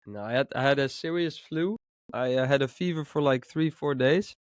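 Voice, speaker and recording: A man's voice: mid-range voice, normal speed, clear, resonant tone, no room sound, clean studio sound. A man in his thirties with a slight cold, co-hosting a podcast and chatting loosely with lots of fillers. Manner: relaxed, rambling with many fillers. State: hoarse with a cold. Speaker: podcast co-host, music producer. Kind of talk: casual podcast chat.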